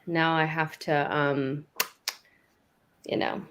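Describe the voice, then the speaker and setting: A woman's voice: deep voice, little pitch movement, slow, fairly bright tone, highs cut off, slight background noise. Exasperated woman hosting a match watchalong. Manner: wry, exasperated, laughing along. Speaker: host. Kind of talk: casual live watchalong chat.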